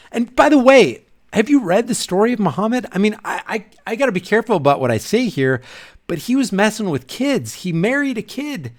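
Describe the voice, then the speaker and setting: A man hosting his channel, ranting in a casual livestream, rambling and animated with frequent restarts. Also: high-pitched, a little fast. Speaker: channel host.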